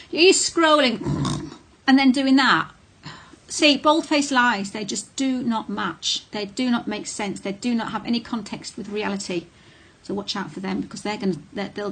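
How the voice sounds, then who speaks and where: A woman's voice: medium pitch, a bit bright, slightly rough. A middle-aged woman talking casually to camera, blunt and candid, with frequent ums and restarts. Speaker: vlogger on narcissistic abuse.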